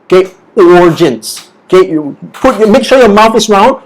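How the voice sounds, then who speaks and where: An English lecturer with a Malaysian accent giving a livestreamed pronunciation lesson, drilling words slowly and tagging sentences with "all right?". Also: mid-range voice, lively intonation, poor audio. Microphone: oversensitive loud home mic.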